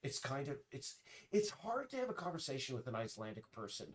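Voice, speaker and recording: A man streaming, chatting casually in a rambling, halting way full of restarts while he works. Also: medium pitch, big pitch swings. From United States.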